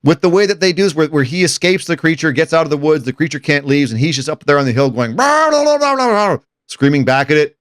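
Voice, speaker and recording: A man leading a casual film discussion, animated and putting questions to the group. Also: on the high side, quick pace, hardly any pauses, no room sound, studio quality.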